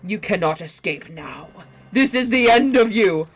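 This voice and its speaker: A woman's voice: mid-range voice, animated, a little slow, slightly rough. A woman voicing an arrogant legendary male space dragon who speaks in grandiose threats. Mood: menacing.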